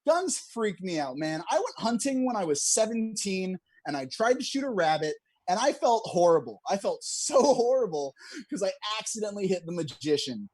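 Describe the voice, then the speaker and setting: Young man, stand-up comic, animated pitch, dry close sound, chuckles at own jokes. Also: moderate pace, slightly rough, no echo. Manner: self-deprecating, laughs at own jokes. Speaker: stand-up comedian. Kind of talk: stand-up comedy set over video call. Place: at home, streamed online.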